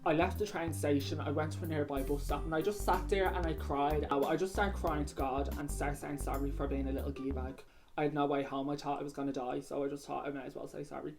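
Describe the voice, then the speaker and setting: A woman's voice: deep voice, fairly even intonation, fast. A young woman from North Dublin with a Dublin accent, casually telling crude, slangy stories on her vlog. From North Dublin, Ireland. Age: young adult. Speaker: YouTuber. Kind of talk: casual storytelling, reading out viewer stories. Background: music playing.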